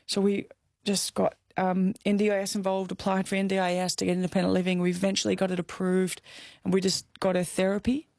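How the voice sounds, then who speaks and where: A woman's voice: mid-range voice, completely flat delivery, fast, vocal fry, darkish tone, no room sound. A young Australian woman telling a personal story in an interview, candid and heartfelt, close to tears. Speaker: guest.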